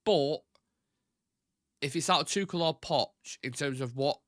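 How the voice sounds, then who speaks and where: A man's voice: on the high side, measured pace, no room sound, clean studio sound. A man in his twenties with a Mancunian accent, hosting a live fan stream and chatting casually as he reads out and answers viewer comments. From Manchester, England. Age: 20s. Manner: casual, blunt, swears freely, reads out chat questions. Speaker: fan channel host.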